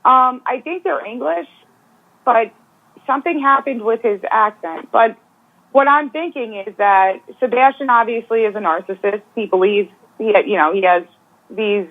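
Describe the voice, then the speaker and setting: A woman guest giving speculative, opinionated views in a casual true-crime discussion over a phone call. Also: medium pitch. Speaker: guest commentator. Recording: tinny phone line.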